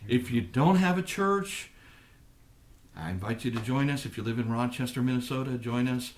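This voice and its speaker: Man, pastor, middle-aged, live ministry talk, halting restarts, mid pitch. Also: slight background noise. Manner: thoughtful, halting, many restarts.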